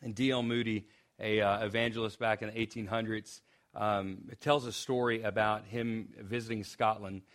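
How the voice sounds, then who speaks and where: A man's voice: fairly low pitch, flat delivery, moderate pace, fairly bright tone. A young man preaching a sermon as pastor, speaking conversationally with restarts and joking asides.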